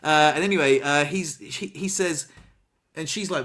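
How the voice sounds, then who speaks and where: A man in casual chat, telling an animated story and acting out what people said. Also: a little high, moderate pace. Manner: animated storyteller, acts out quotes, laughs.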